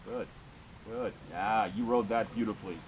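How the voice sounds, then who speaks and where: A man's voice: fairly low pitch, steady tone, moderate pace, a little hiss or hum, low-quality recording. A man coaching a dressage lesson, giving short commands and encouraging praise. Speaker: riding instructor.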